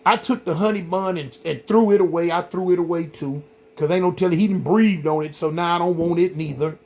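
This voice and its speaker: A middle-aged man hosting a vlog, telling a story in a casual, rambling, animated way, full of "man" and "y'all". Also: high voice. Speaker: vlog host.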